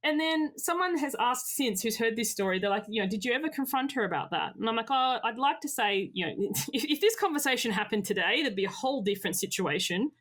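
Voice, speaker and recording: Frank storytelling woman, bright and lively. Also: a little high, quick pace, few pauses. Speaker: guest. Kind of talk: candid personal storytelling.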